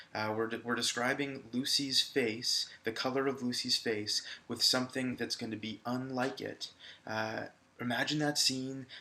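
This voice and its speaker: Speaking in a pushed, bright voice, a man who teaches high school English chats with viewers through a recorded video lesson, his speech full of fillers.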